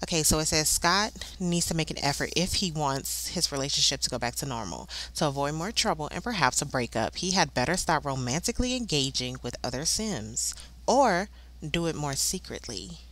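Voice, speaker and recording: A woman hosting a life-simulation game let's play, chatting casually and voicing the characters in quick asides. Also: deep voice, expressive, a bit bright. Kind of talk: casual gameplay commentary.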